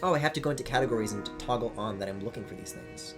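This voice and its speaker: A man streaming a video game, chatting casually, rambling and swearing, with sudden excited squeals. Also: fairly low pitch, rapid-fire. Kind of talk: casual live-stream commentary. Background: game music.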